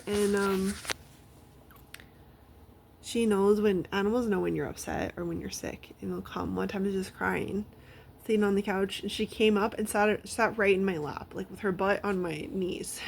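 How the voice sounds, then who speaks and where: Gravelly-voiced woman chatting casually. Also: medium pitch, fairly even intonation, a little slow, slight background noise. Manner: rambling, frequent fillers, drops into soft whispers. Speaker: vlogger. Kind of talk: casual personal storytelling. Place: at home with her dog.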